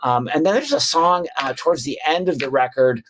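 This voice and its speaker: A man's voice: on the high side, lively intonation, fairly quick, a bit bright, a little hiss or hum. A man on a panel, ranking his favorite albums of the year in a rambling, enthusiastic way full of ums and restarts. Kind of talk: casual roundtable chat.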